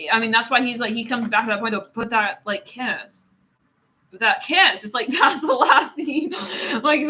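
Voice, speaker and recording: A woman's voice: fairly high pitch, sharp tone, a little hiss or hum. A woman doing a live tarot reading, rambling and giggling, filling her talk with "it's like". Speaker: tarot reader.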